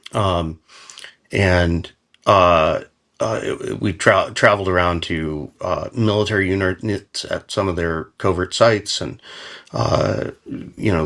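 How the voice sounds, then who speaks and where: Low-voiced American man telling war stories. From United States. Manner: animated anecdotal storytelling with frequent fillers, restarts and chuckles. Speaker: podcast guest, company founder. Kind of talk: conversational storytelling in an interview.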